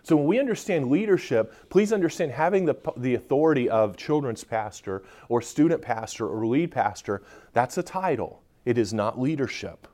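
A man's voice: medium pitch, animated, moderate pace, dark tone. A man speaking at a conference in front of a live audience, joking and bantering with the people in the room.

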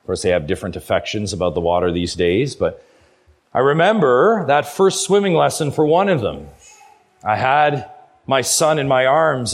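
A middle-aged man preaching a sermon as pastor, emphatic, his voice swinging between quiet low passages and loud high ones. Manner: emphatic preaching, rises and falls in pitch and loudness.

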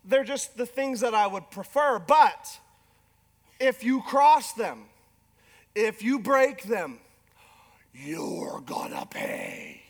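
Delivering a sermon in a big church hall, where his voice echoes with long reverb, a middle-aged pastor speaks in a notably high register. He's lively, pokes fun at himself, and performs the quoted lines of husbands and wives.

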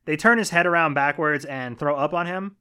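A man co-hosting a podcast, casually recapping a movie with a laid-back manner, swearing now and then and trailing off quietly. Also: fairly high pitch, brisk, smooth. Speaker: podcast co-host.

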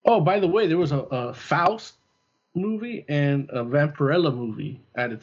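A man's voice: on the high side, expressive, normal speed, slightly rough. A man co-hosting a casual movie podcast, blunt and opinionated. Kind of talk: casual chat about movies. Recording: dull lo-fi sound.

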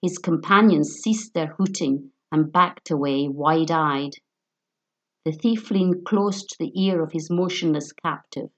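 A woman reading a story aloud in a measured, even narration. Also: low voice.

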